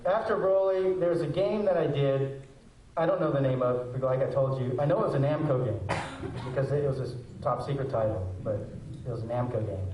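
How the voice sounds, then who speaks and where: A man's voice: medium pitch, a little fast, dull audio. A man in his forties, a voice actor, answers fan questions on a convention panel. He tells stories with energy and acts out quotes and noises as he goes. His voice carries through an echoey hall and sounds distant from the mic. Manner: animated storyteller, acts out quotes and goblin noises. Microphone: handheld mic, recorded from the audience.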